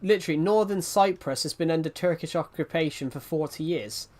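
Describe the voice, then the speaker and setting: A man's voice: on the high side, fairly quick, a little mellow. A young man streaming a game, chatting casually and rambling between laughs. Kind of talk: casual live-stream chat.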